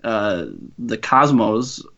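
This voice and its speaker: Man, bright voice, joking, hesitant, dull lo-fi sound. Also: mid-range voice, extremely slow. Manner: joking, hesitant, laughs often. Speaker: podcast co-host. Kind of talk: casual sports chat.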